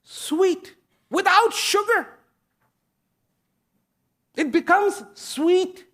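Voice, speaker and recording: A man giving a speech to an audience, slow and deliberate, pausing between short phrases and repeating key words for emphasis. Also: very high voice, a bit bright. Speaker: invited speaker. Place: event at a large international venue.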